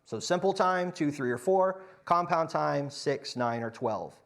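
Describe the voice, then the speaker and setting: A man's voice: fairly high pitch, lively intonation, measured pace, creaky, fairly bright tone. A man teaching a church song leading class, counting beats aloud with frequent restarts. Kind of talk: church music class lecture.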